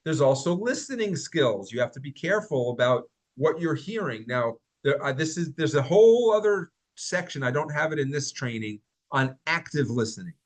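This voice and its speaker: A man's voice: on the high side, lively intonation, moderate pace. Guy running a workplace training talk, chatty, keeps asking the audience stuff. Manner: conversational, asks the audience questions. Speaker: workshop presenter.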